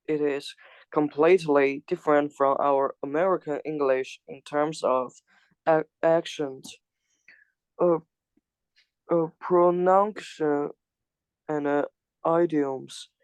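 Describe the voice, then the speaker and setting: A man's voice: fairly high pitch, smooth, no room sound. A man studying English, reading a practice dialogue aloud and stumbling over words with fillers. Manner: hesitant, halting with fillers. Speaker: English student.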